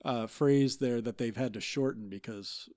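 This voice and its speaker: A man improvising as a made-up expert, halting and deadpan, with many restarts. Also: medium pitch. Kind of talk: improv comedy podcast.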